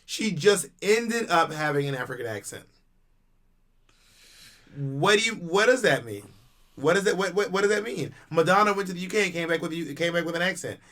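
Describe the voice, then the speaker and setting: A man's voice: high voice, expressive, moderate pace, fairly bright tone. A man co-hosting a podcast, chatting casually, musing aloud and asking questions. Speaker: podcast co-host. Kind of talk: casual chat.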